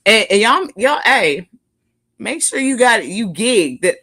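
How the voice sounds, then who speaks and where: A woman's voice: on the high side, big pitch swings, unhurried, a bit bright. A woman from the Bay Area, co-hosting a casual chat, laid-back and slangy, laughing often. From San Francisco Bay Area. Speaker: podcast co-host.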